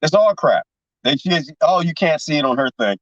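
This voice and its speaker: A man's voice: on the high side, expressive, fairly quick, no echo, recorded from a distance, highs cut off. A man chatting on a livestream, rambling and conspiratorial, laughing often as he reads viewer comments. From lives in Texas. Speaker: livestream host. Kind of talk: casual livestream chat reading comments.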